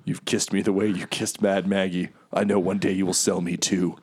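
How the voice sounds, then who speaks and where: Gloomy talking bow, played by a man, flat and murmured, no hope. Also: deep voice, normal speed, breathy edge. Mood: bleak.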